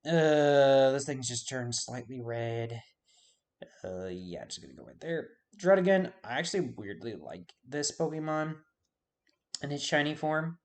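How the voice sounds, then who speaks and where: A man's voice: medium pitch, lively intonation, a little slow. A man giving casual video game commentary, rambling and forgetting names with self-deprecating asides. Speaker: YouTube host.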